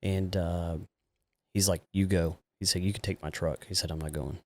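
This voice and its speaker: A man from Texas, a police officer guest on a podcast, telling a story in a casual, animated way, often laughing and acting out the people he quotes. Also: low voice, moderate pace.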